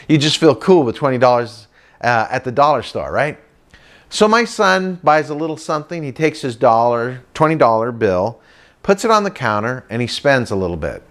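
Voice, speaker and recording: A middle-aged man telling a funny family story to a live audience, animated and chatty, slipping into sing-song voices for the people in it. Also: medium pitch, normal speed. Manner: lively storyteller who breaks into sing-song voices for his characters. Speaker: comedic motivational speaker.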